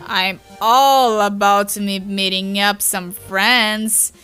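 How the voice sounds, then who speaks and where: A mellow but unhinged teenage troll boy from a webcomic drawls lazily through his lines, voiced by a woman. The voice sits fairly high, and there is faint music underneath. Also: smooth.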